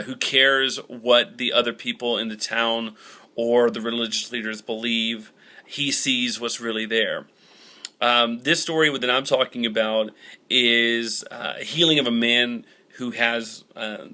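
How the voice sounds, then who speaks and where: Bright-voiced man teaching the Bible. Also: mid-range voice. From Southern United States. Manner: conversational, upbeat storytelling. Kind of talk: casual Bible lesson.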